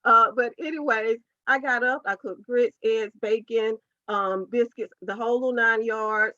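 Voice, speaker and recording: A woman shares her story with earnest, heartfelt conviction. Her voice sits a little high. The recording is muffled and lo-fi, with no room echo. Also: steady tone, unhurried, bright, forceful tone. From United States, South Carolina. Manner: earnest, heartfelt faith testimony. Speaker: podcast guest. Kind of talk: personal storytelling in an interview. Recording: dull, dry lo-fi podcast audio.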